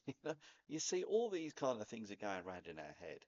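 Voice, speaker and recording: A man's voice: on the low side, huge pitch swings, a little fast, a little mellow, muffled recording. A man with a Cockney accent talking casually to camera, chatty and rambling, laughing at himself now and then. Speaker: vlogger. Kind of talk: casual spoken talk to camera.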